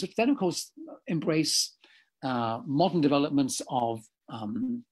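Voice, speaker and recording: Over a video call, a man delivers a wandering lecture, frequently correcting himself mid-sentence. His voice is mid-range, slightly hoarse, and darkish in tone.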